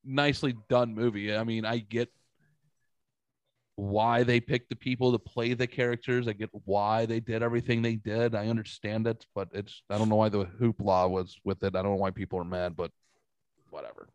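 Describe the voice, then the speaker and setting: A man hosting a casual podcast, telling stories in an animated way and swearing freely. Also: lowish voice, normal speed, dry recording. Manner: animated storytelling, swears a lot. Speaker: podcast host.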